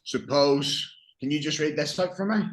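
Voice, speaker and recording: A man's voice: a little high, moderate pace. A man teaching an English vocabulary class, asking students questions and praising their answers patiently.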